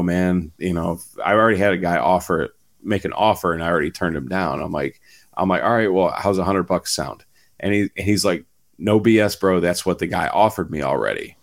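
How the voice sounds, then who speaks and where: A man's voice: deep voice, gravelly. A man telling a long casual story in a chat, full of fillers and swearing.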